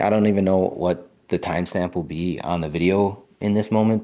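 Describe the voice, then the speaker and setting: A man's voice: low voice, fairly even intonation, fairly quick, hardly any pauses, dark tone. A man hosting a casual health vlog, talking straight to viewers in an emphatic, conversational way with mild cursing. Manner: emphatic, conversational, mildly profane, talks directly to viewers. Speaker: health video host. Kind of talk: casual vlog monologue to camera.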